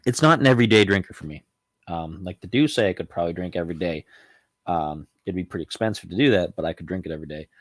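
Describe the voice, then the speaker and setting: A man's voice: deep voice, no room sound. A man hosting a casual home review vlog about spirits, talking loosely with many ums and restarts. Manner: rambling, frequent ums and self-corrections. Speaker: channel host reviewing cognac.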